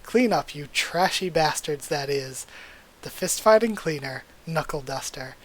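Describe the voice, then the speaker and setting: A manga reader voicing a blunt, rough older male vigilante brawler. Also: mid-range voice, lively intonation, unhurried. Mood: gruff. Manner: blunt, rough, self-assured.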